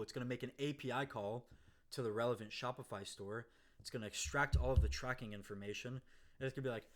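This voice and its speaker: A young man with a lowish voice talks through his software project in a relaxed, slangy way. He drops in quick acted-out snippets of callers and a phone bot as he explains. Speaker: software developer. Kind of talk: casual explanation vlog.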